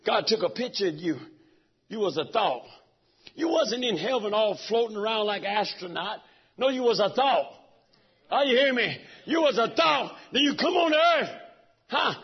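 A middle-aged man with a raspy, gravelly voice, preaching a sermon that swings from soft talk to shouts. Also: high-pitched, expressive, normal speed, lo-fi sound. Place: church sanctuary.

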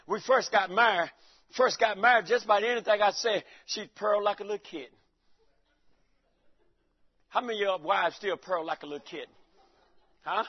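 Man, preacher, high voice, folksy joking sermon, talks to the congregation, church, muffled recording. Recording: dull lo-fi recording.

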